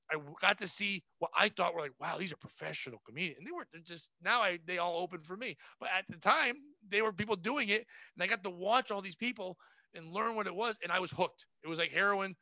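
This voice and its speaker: A man's voice: high voice, pushed and bright, no echo. A man in his forties, a comedian guest telling profane, brash stories in a casual podcast chat. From New England. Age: 40s.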